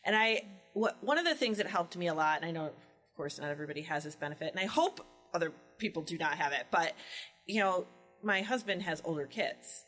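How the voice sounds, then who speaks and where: Lively storytelling middle-aged woman co-host. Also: on the low side, brisk, soft background music, poor audio. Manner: lively storyteller, acts out quotes. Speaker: podcast co-host. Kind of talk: casual chat.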